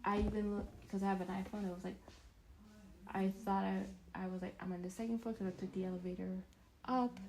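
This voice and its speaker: A young woman casually telling a storytime vlog, rambling with restarts and sudden animated bursts of loudness. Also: mid-range voice, a little hiss or hum, poor audio. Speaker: vlogger.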